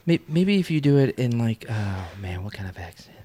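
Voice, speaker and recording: A man's voice: medium pitch, very animated, normal speed, dark tone. A man calling in, eager and stammering, giggling as he asks for requests. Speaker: caller. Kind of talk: comedy sketch.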